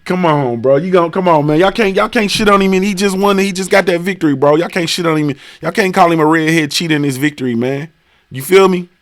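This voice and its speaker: A man's voice: on the high side, fast. A man hosting a casual boxing talk livestream, rambling and profane with heavy slang and constant "bro" and "you feel me.". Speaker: livestream sports talk host.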